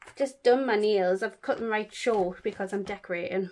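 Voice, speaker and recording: A woman's voice: medium pitch, normal speed, warm tone. A woman beauty vlogger chatting casually through a product unboxing, gushing, with many fillers.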